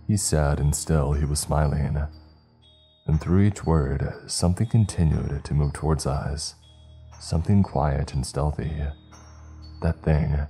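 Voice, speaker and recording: A man narrating a first-person horror story in a tense, hushed way. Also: very deep voice, unhurried, breathy edge, faint music behind.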